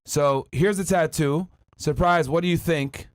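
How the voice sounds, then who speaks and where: Man, podcast host, crude and mocking, fairly high pitch, dry close sound. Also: unhurried, no echo. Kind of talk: casual commentary reading news and messages aloud.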